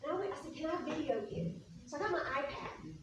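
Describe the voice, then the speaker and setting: High-voiced woman in an echoey room. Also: quick pace. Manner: lively storyteller who acts out quoted dialogue. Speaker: speech therapist presenting to a support group. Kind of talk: informal presentation with anecdotes. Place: meeting room. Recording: very echoey room, mic far off, faint noise.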